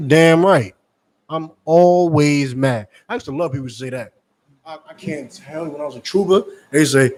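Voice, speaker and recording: A man preaching in a forceful, scolding way, repeating his points. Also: a little high, normal speed. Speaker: street preacher. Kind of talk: street-corner preaching.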